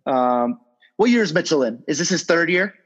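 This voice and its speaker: A man's voice: fairly high pitch, lively intonation, normal speed, slightly rough, highs cut off. A man in his thirties, a sports agent, telling stories in a casual, rambling way with some swearing, as a podcast guest. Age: 30s. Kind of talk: podcast interview storytelling.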